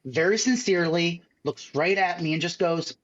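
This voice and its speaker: A man's voice: fairly high pitch, normal speed, a bit bright, lo-fi sound. A man from the Chicago area, a guest magician telling stories in a casual podcast chat, acting out other people's lines as he goes. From Chicago area, USA.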